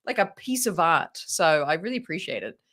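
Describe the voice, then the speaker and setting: A woman's voice: lowish voice, sing-song, brisk, fairly bright tone. A woman co-hosting a live stream in casual chat, cheeky and chatty, laughing often.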